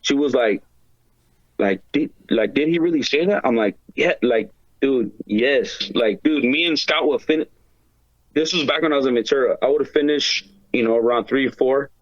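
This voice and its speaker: A man's voice: medium pitch, moderate pace, dry recording, lo-fi sound. Rambling, profane man in casual chat. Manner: rambling, profane, heavy with filler words and slang. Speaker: podcast guest.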